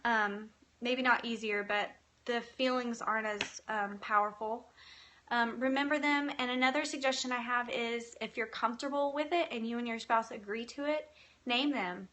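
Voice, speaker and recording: A woman hosting a live video, speaking in an earnest, gentle and encouraging way as she reads viewer comments. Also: a little high, fairly even intonation, normal speed. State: tearful at times. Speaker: faith-based live video host. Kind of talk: live-stream talk, reading comments.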